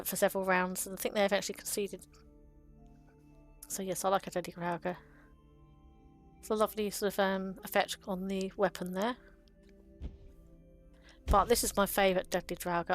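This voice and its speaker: A woman hosting a video about card game art, talking casually and fondly with frequent ums and little laughs. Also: medium pitch. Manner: chatty and fond, with frequent ums and small laughs.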